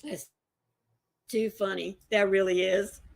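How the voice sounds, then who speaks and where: A woman's voice: mid-range voice, fairly even intonation, takes it slowly, vocal fry. An older woman, chatting casually on a livestream, telling stories and explaining things like a teacher.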